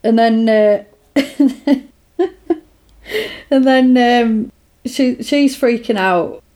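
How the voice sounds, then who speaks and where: A woman's voice: on the high side, very slow, mellow. A woman casually retelling a film plot in a chatty podcast, with lots of fillers.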